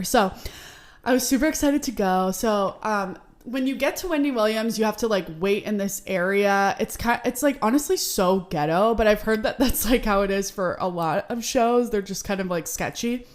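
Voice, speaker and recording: A woman's voice: medium pitch, expressive, moderate pace. Woman, 20s, from Seattle, podcast host, casual storyteller, upbeat and chatty. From Seattle, United States.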